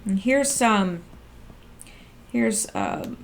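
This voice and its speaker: A woman's voice: medium pitch, huge pitch swings, drawn-out words. A middle-aged woman doing casual political commentary, reading documents aloud and reacting with sarcastic exclamations.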